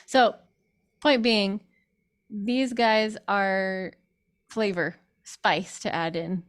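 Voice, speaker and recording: A woman's voice: medium pitch, steady tone, extremely slow. A woman vocal coach giving a chatty online group singing lesson, breaking into sung demonstrations.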